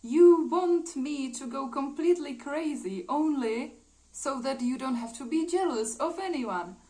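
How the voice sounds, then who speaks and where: A woman's voice: a little high, slow pace, poor audio. A woman reading out an indignant young woman. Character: young woman fed up with jealous partner.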